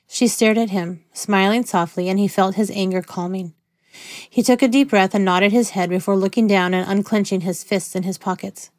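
A woman narrating a novel in a measured, even reading. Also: medium pitch, dry recording, clean studio sound. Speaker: audiobook narrator. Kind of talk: scripted narration.

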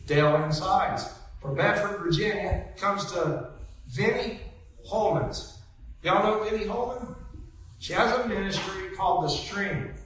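A woman telling stories in a sermon, chatty and animated, laughing as she goes. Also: medium pitch, a little slow, a little hiss or hum. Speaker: preacher. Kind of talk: storytelling sermon. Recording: echoey church hall, mic from a distance.

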